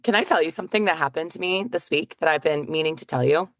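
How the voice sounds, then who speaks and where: A woman co-hosting a chatty podcast, her voice sitting a little low for a woman. She tells stories with quick asides and plenty of fillers. The sound is close and dry, with no room echo. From northeastern United States. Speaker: podcast co-host. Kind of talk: casual chat.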